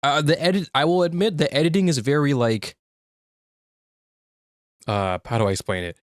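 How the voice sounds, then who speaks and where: A man's voice: on the high side, normal speed, no room sound, clean studio sound. A young man streaming in casual chat, frank and profane, often restarting his sentences.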